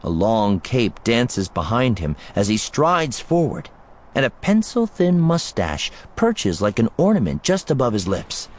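A man narrating a story chapter in an expressive, playful way. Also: fairly low pitch, slight background noise. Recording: background music under the voice.

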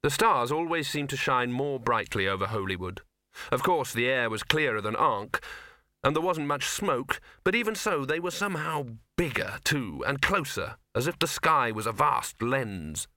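A male audiobook narrator with a bright, forceful tone who tells the story expressively. His voice is close and dry, with no room around it. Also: medium pitch, big pitch swings, normal speed, dry recording. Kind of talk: scripted narration.

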